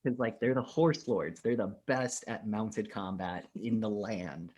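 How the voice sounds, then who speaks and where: A man's voice: fairly low pitch, a little slow, a little mellow. A man co-hosting a podcast, chatting casually and retelling scenes in a rambling, profane way full of fillers. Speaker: podcast co-host. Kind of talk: casual chat.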